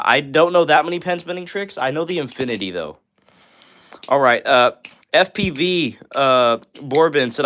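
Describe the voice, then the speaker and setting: A young man with a slightly higher voice hosts a casual live stream. He reads viewer comments aloud and answers each one in a friendly, upbeat tone, leaning on "all right" and "bro" as he goes. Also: fairly bright tone.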